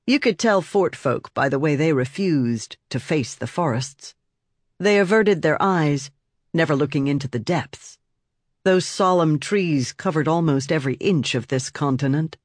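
A narrator reading a dark fantasy story in a measured, dramatic way on a close mic. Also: medium pitch, dry recording. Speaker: audiobook narrator.

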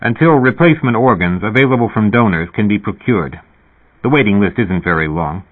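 A man voicing a calm, formal male doctor with a measured, clinical delivery, over a phone-like narrow sound. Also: fairly low pitch.

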